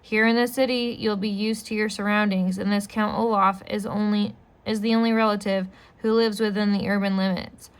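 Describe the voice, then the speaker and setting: A woman's voice: mid-range voice, little pitch movement, moderate pace, smooth, lightly acted, poor audio. A woman reading the lines of a busy, formal middle-aged male banker from a storybook, in a level voice.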